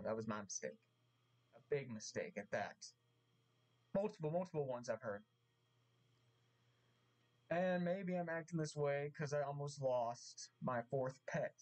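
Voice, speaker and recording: A man making an earnest vlog apology, speaking haltingly and repeating himself, getting emotional as he talks. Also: mid-range voice, rough recording. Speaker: vlogger. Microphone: mask on, camera vlog.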